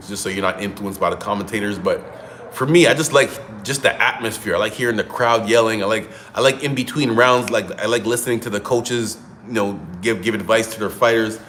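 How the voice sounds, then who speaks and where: A man's voice: on the low side, fairly bright tone, slight background noise. A man hosting casual solo boxing commentary, talking in a conversational, opinionated way and thinking aloud. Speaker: boxing commentator, show host.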